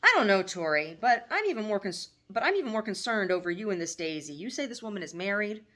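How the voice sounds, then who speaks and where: A woman's voice: medium pitch, very animated, fast talker, pushed and bright, pitched above the performer's own voice. A woman voicing a middle-aged mother who frets and scolds in a fussy, motherly way. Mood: worried.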